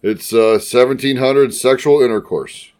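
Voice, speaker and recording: A man's voice: mid-range voice, a little slow, darkish tone, clean tone. A man co-hosting a casual chat, reading old slang terms aloud and often breaking into laughter. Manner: laughs often, drawls and lingers over words. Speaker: podcast co-host.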